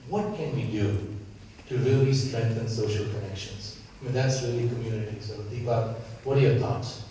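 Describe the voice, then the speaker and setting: A man's voice: lowish voice, normal speed, mellow, slight background noise. A man with an Indian accent moderating a panel discussion, earnest and often checking in with "right?". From San Diego. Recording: echoey room, from far off.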